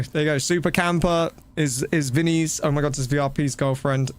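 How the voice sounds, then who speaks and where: A man chatting casually while streaming a game, rambling and breaking into quick exclamations. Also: on the high side, steady tone, clean tone. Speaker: gaming streamer. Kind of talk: casual live-stream commentary.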